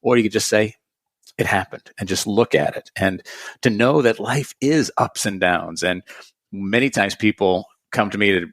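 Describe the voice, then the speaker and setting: A man who teaches meditation, speaking as a guest on a podcast, earnest and reflective and quick to laugh. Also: lowish voice, fairly bright tone, dry recording, studio quality. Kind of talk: conversational podcast interview.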